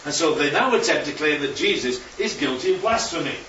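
A man with a fairly high, expressive voice talks briskly in a pushed, bright tone, leading a casual Bible class with slides and checking in with his listeners often. The hall recording sounds roomy, distant and muffled, with slight background noise.

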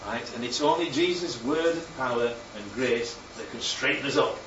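A man preaching a sermon, lively and constantly checking in with his listeners by asking "right?" and "yeah?". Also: mid-range voice, normal speed, a little hiss or hum. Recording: echoey, distant, dull sound with faint ambience.

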